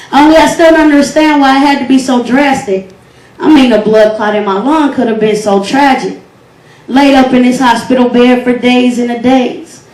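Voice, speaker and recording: A woman's voice: high voice, a little mellow, distant mic. A young woman hosting a poetry slam and performing her own spoken word poem with a rhythmic, earnest and devotional delivery. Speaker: poetry slam host and poet. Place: event hall. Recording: echoey hall recorded from afar.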